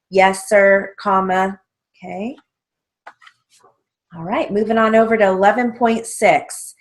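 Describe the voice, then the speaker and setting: A woman teaching court reporting steno theory, going through drills methodically and spelling out letters and keys. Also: mid-range voice. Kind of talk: instructional lesson walkthrough.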